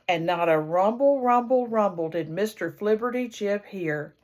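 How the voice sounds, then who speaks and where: A woman reading a children's picture book aloud in an expressive storyteller's way, imitating the animal sounds. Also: mid-range voice, measured pace, hardly any pauses.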